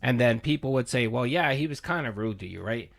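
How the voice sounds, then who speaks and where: A man giving casual, animated commentary while reacting to a recorded debate, laughing and swearing. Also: medium pitch, fairly quick, creaky, soft background music. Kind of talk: casual commentary over a clip.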